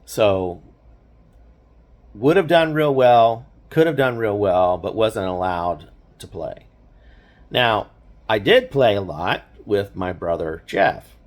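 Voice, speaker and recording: A man's voice: lowish voice, animated, slow pace, long pauses. An older man casually reminiscing, rambling with lots of "you know" and "right?" and frequent chuckles. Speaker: storyteller.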